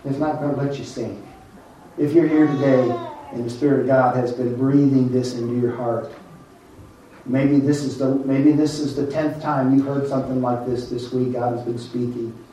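An older man preaching a sermon as a pastor, calling on the congregation and slowing down to stress his points. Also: medium pitch, steady tone, dark tone, slight background noise. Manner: preaching, calls on the congregation, slows down for emphasis. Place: church. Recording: echoey church hall, mic far off, dull.

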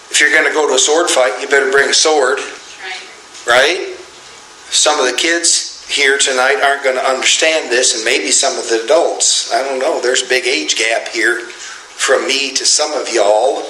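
A middle-aged pastor preaching a sermon in a church, tired, with a folksy, joking manner. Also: male voice, mid-range voice, measured pace, sharp tone, reverberant, a little hiss or hum, low-quality recording. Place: church sanctuary.

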